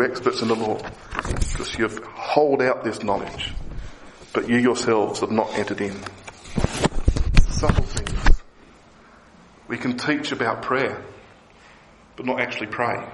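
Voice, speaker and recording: A man preaching a sermon as pastor, lively and emphatic. He voices the people he quotes with a rising pitch. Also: echoey room, rough recording.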